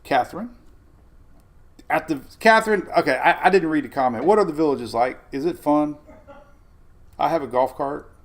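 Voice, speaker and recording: A man's voice: a little high, fairly quick. A man hosting a live weather stream, chatting casually, reading viewer comments and rambling with frequent laughs. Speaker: weather livestream host. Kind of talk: casual livestream chat.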